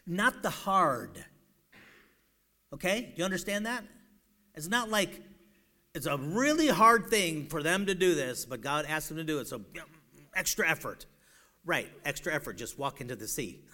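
An animated male preacher with a fairly high voice. He reads scripture slowly, then breaks into pleading, rising cries as he acts out people's doubts. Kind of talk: sermon.

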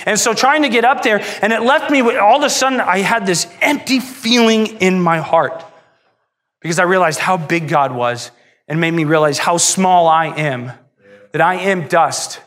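High-voiced emotional male preacher. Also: normal speed. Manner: emotional, swings between hushed and soaring. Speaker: pastor. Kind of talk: sermon.

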